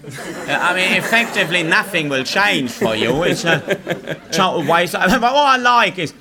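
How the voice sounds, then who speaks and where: A man from Germany with a German accent, a comedian guest trading deadpan, blunt, mock-superior jokes. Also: high voice, moderate pace, crowd noise. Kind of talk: deadpan stand-up banter.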